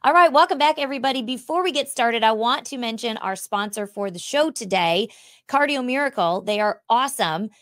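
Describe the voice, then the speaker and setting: A woman's voice: on the high side, expressive, a bit bright. A woman hosting a talk show, reading a sponsor spot and chatting with a guest in a bubbly, effusive way. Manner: bubbly and effusive, quick to laugh. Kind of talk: casual interview chat.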